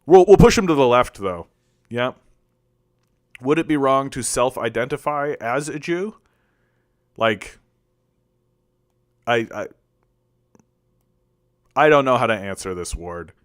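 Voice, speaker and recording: Rambling man on a livestream, smooth voice. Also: medium pitch, animated, slow, pauses often, no echo, clean studio sound. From Canada. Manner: rambling, with many restarts and filler likes. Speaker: political commentary host. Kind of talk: casual livestream commentary answering chat.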